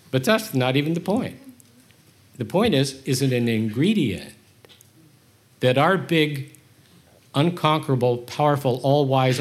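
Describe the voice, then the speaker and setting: Candid, animated male preacher. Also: medium pitch. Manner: candid and self-deprecating, with animated emotional swings. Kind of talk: conversational sermon.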